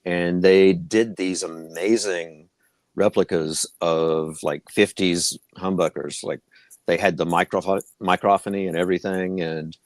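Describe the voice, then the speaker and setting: A man co-hosts a podcast, joking around and getting excited about guitars. His voice sits low, and the recording is dry and close with no room echo. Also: unhurried. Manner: playful, enthusiastic about guitars. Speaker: podcast co-host. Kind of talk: casual podcast chat.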